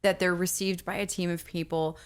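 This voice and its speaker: A woman's voice: fairly low pitch, level tone, a little fast. A woman co-hosting a podcast in casual chat, blunt and candid, swearing for emphasis. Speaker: podcast co-host.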